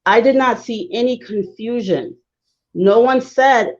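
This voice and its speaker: A woman speaking as a guest on a talk show, explaining history in an emphatic, lecturing way with fast bursts. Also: on the high side, muffled recording.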